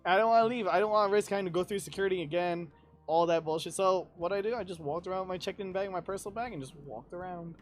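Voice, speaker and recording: With faint music behind him, a high-voiced young man tells a travel story at a very fast clip while guesting on a podcast. He swears a lot, laughs as he talks, and keeps the casual chat animated.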